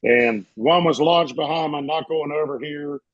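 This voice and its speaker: A man, a podcast co-host telling a story in a casual, animated way and acting out the voices in it. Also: a little high, normal speed, no room sound, lo-fi sound. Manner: animated, acts out voices in his stories.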